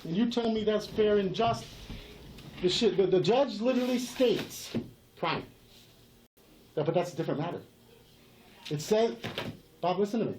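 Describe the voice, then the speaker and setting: A man's voice: high-pitched, expressive, normal speed, pauses often, a little mellow, a little hiss or hum, poor audio. A man in a heated face-to-face argument, insistent and profane, repeating himself and talking over others. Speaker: channel owner confronting a sheriff.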